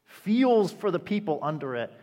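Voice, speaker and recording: A man preaching a sermon with impassioned delivery that rises to loud, emphatic peaks. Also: high voice, very animated, normal speed. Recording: long reverb of a hall.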